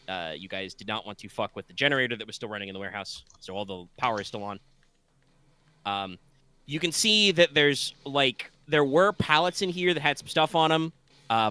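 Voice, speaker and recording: A drowsy male game master describes scenes over an online call, wandering through fillers and restarts. His voice is bright and crisp. The sound is dry and close. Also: mid-range voice, no room sound. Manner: rambling, full of fillers and restarts. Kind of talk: narrating a tabletop game.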